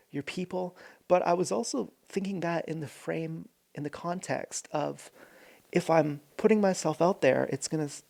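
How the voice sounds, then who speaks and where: A man's voice: fairly high pitch, creaky, a little mellow. A man vlogging a rambling, earnest personal monologue, often stopping to correct himself.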